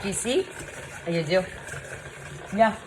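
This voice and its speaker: A woman playing a scatterbrained Mad Hatter cooking in an improvised comedy show. She rambles and gets flustered, and her Scottish-tinged accent wanders. Her pitch sits mid-range, with a faint hiss of noise behind her. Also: lively intonation, unhurried, natural voice. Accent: Scottish-tinged, shifting. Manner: rambling, flustered, chatty, muddles measurements. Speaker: cooking show host in costume.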